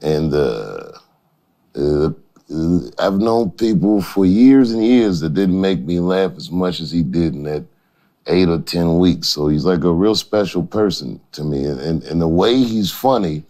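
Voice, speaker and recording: Deep-voiced man reminiscing haltingly. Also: lively intonation. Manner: soft-spoken, halting, with many restarts. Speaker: comedian. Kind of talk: reminiscing in an interview.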